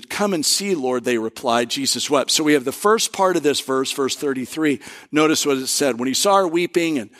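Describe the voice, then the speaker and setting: A male pastor giving a conversational sermon, telling stories and slowing down to stress key words. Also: medium pitch, fairly bright tone. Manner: conversational preaching with storytelling and emphatic pauses.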